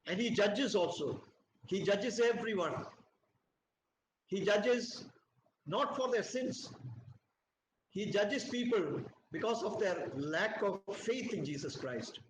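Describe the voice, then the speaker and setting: A man's voice: high voice, lively intonation, slow pace, long pauses. A man from India leading a Bible study, reading scripture aloud and explaining it in an earnest, emphatic preaching manner. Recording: roomy echo, faint background noise.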